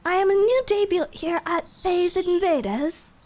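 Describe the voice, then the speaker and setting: A woman's voice: extremely high pitch, unhurried, darkish tone, pitched above the performer's own voice. A woman voicing a prim, posh young British woman, with a put-on British accent and overly formal phrasing.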